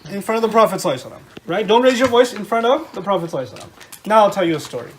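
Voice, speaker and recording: A middle-aged man giving an animated religious lecture to a live audience, often quizzing his listeners with questions. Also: sits high, racing, a little hiss or hum. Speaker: Islamic lecturer.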